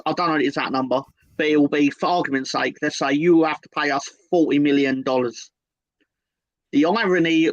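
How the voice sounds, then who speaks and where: Slightly high man explaining football trivia. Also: dry recording, muffled recording. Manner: explanatory storyteller, wry. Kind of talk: casual banter.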